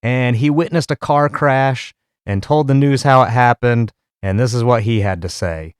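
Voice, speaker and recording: A man hosts a casual comedy commentary with crude, profane jokes. His voice comes through smooth and clear. The mic is close and the room is dry. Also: medium pitch, normal speed, dry recording. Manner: crude, profane, laughing often. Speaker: podcast host.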